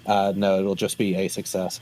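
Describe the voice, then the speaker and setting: Low-voiced man, measured and formal. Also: completely flat delivery, a little mellow, slight background noise. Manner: measured, formal, many fillers. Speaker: player. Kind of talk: in-character speech at a tabletop game.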